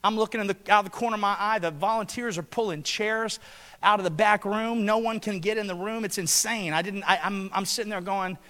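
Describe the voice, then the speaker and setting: A preacher with a lilt delivers an impassioned sermon from a church stage. His voice sits high for a man. He moves from ringing calls to the congregation down to quiet, intimate storytelling. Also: brisk, big-room sound. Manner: impassioned preaching, swinging between shouting and hushed storytelling. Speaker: pastor.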